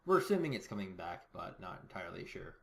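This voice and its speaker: A man co-commentating a strategy game match in a relaxed, joking way. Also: sits low, fast talker, creaky. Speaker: game caster. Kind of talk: esports commentary.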